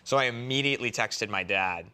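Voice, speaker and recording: A man's voice: medium pitch, brisk, pushed and bright, a little hiss or hum. A man from Massachusetts, a podcast co-host telling stories in a dry, understated way. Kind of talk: casual chat.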